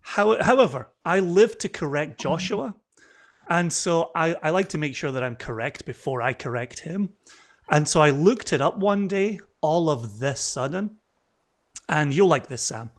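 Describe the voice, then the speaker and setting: A man's voice: fairly high pitch, expressive, measured pace. A man who is a guest on a podcast, chatting casually and teasing his friend with stories. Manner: playful, teasing storyteller. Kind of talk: casual chat.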